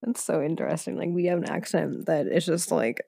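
Gravelly chatty speaker. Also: mid-range voice, animated, brisk, warm tone, no echo, studio quality. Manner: chatty, filler-heavy. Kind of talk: casual chat.

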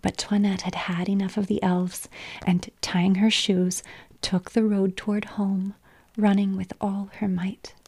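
A woman reading a story aloud in a soft, slow whisper. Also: mid-range voice, flat delivery, husky.

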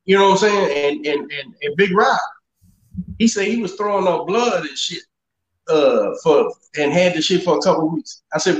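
Laid-back guy cussing a lot, kinda high voice, echoey dull lo-fi sound. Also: moderate pace. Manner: profane, laid-back, says bro and man a lot. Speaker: podcast co-host. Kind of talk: casual chat.

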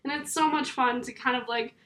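A young woman with a fairly high voice chats as a podcast co-host. She speaks in a bashful, hesitant way, with many pauses and fillers. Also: steady tone, fairly bright tone. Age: young adult. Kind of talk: casual chat.

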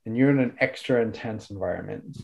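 A man's voice: fairly low pitch, a little fast, vocal fry, darkish tone, muffled recording. A man hosting a casual interview, asking rambling, thoughtful questions.

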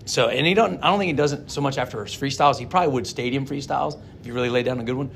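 Gravelly-voiced male host, rambling casual chat, laughs a lot, faint background noise. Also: medium pitch, racing, fairly bright tone. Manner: rambling, laughs often, many restarts. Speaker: monster truck driver and podcast host.

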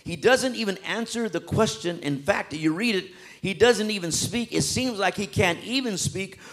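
Impassioned preacher, somewhat high voice. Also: male voice, moderate pace. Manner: impassioned, swinging between loud emphatic peaks and hushed soft passages; colloquial, with repetitions and restarts. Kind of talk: sermon.

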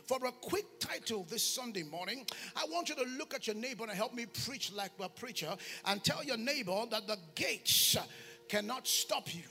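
A man's voice: very high voice, lively intonation, normal speed, bright, forceful tone. A man preaching a fervent call-and-response sermon in a church hall, with faint music behind. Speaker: pastor.

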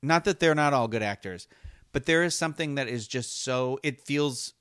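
Casting: male co-host, smooth resonant voice, dry close sound, chatty and halting. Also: medium pitch, a bit bright, no echo. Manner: rambling, halting, many restarts and fillers. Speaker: podcast co-host. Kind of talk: casual fan chat.

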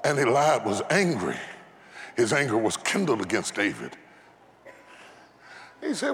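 A man preaching a dramatic sermon, building to shouted climaxes and calling out to the congregation. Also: medium pitch, wildly swooping pitch, a little slow, long pauses, slight background noise. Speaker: pastor. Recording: live church with organ and congregation.

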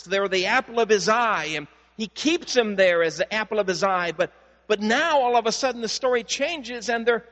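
Male pastor, high voice, storytelling sermon with stop-start restarts, big reverberant church hall. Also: a bit bright. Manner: conversational storytelling with repeated word restarts; rises to slow, emphatic preaching.

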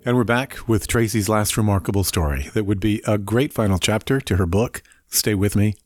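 Calm, lowish-voiced male podcast host. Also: a little fast, faint music behind. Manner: calm, brief prompting questions. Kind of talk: interviewing a guest.

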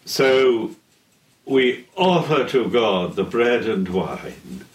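An older man giving a theology lecture in a deliberate, solemn way, pausing between phrases. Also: medium pitch, very animated. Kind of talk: slow measured theology lecture. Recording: echoey room, heard from a distance.

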